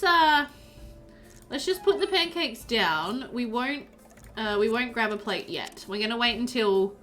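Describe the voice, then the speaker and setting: A woman's voice: fairly high pitch, pushed and bright. A woman streaming a life-sim game live, chatting loosely, laughing often and reading out her chat as she plays.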